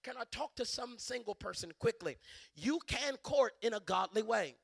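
A middle-aged man preaches as a bishop in a high, gravelly voice. His sound is dry and close, with no room around it. He builds into loud, fervent peaks and stumbles through repeated restarts. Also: animated, normal speed, dry recording. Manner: impassioned, surging to loud emphatic peaks; stammering restarts and repeated words. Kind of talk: sermon.

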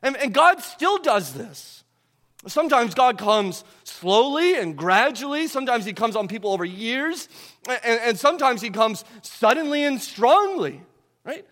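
High-pitched guy preaching a sermon, lots of questions to the crowd, loud then hushed. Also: big pitch swings, measured pace. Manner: rhetorical questions to the congregation, swinging between loud emphasis and hushed tones. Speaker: pastor. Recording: long hall reverb.

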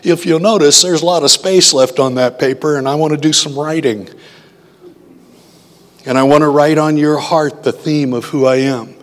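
Delivered at a moderate pace in a voice on the high side, this man's sermon is conversational and full of questions aimed at the audience. The recording carries a long hall reverb.

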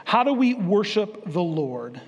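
A male pastor preaches a sermon in a church sanctuary, playfully pulling the congregation in with questions and jokes. His voice sits high and is very animated, delivered at a measured pace with a breathy edge. The recording is muffled and echoes in the reverberant church hall.

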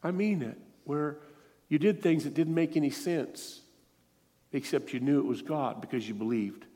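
A man's voice: a little high, normal speed, warm tone, big-room sound. A middle-aged man preaching an emotional sermon, earnest and pleading as he tells a story, tearful at times. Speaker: guest preacher. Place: church sanctuary.

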